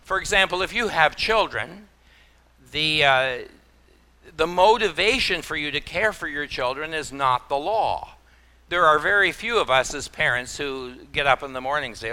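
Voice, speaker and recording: A man preaching a sermon in a bright, forward voice. He talks in a folksy way, tossing in homespun exclamations and acting out little stories for his congregation. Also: a little high, lively intonation, moderate pace. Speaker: pastor.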